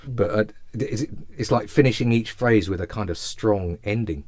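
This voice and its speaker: A man's voice: on the low side, normal speed, darkish tone. A man giving a casual jazz guitar lesson over a video call, chatty and self-mocking as he rambles on. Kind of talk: casual teaching chat. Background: faint guitar.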